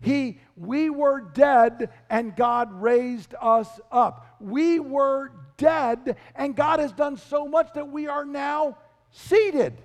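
A man's voice: very high-pitched, takes it slowly, long reverb tail. A male pastor preaching an expository sermon, emphatic, repeating key phrases and quizzing his listeners.

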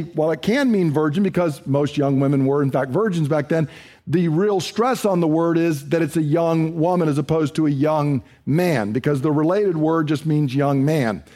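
High-voiced man teaching a Bible study. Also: a little mellow. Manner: explanatory, reads scripture aloud, uses fillers.

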